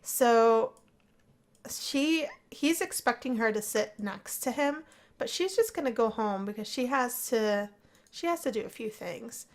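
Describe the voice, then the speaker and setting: Excitable woman narrating a life-sim game. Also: fairly high pitch, unhurried. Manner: chatty and excitable, gasping and gushing over the game. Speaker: gameplay narrator. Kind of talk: casual let's play commentary.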